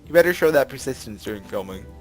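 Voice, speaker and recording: A young man acting as a let's play narrator reads a visual novel aloud and comments as he goes, rambling with lots of filler words and laughter. He talks fast with a medium-pitched voice and lively intonation, while faint music plays behind him.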